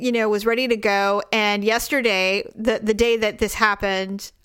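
A middle-aged woman hosts a podcast in casual conversation, telling a story and acting out what everyone said. She swears freely and laughs along. Her voice is smooth and resonant and sits somewhat high. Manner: animated, acts out quoted voices, swears and laughs. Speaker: podcast host.

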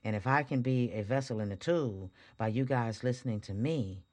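Low-voiced woman preaching self-worth casually. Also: moderate pace, a little mellow. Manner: casual, preachy, rhetorical questions, frequent chuckles. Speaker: podcast host. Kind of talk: spiritual motivational talk. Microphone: studio microphone.

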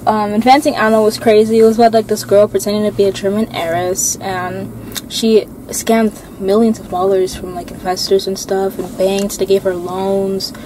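A woman's voice: medium pitch, little pitch movement, moderate pace, noisy background. A young woman co-hosting a casual podcast chat, chatty and giggly, with plenty of likes and ums. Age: young adult. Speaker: podcast co-host.

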